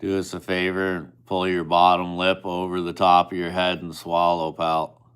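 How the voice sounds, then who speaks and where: A man's voice: low-pitched, monotone, moderate pace, fairly bright tone, clear, resonant tone. A man chatting casually with viewers on a live stream, teasing and swearing at them in an offhand way.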